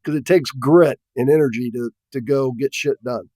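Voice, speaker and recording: A man's voice: mid-range voice, normal speed, mellow, no room sound. A man hosting a casual interview, asking short, encouraging questions. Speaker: podcast host.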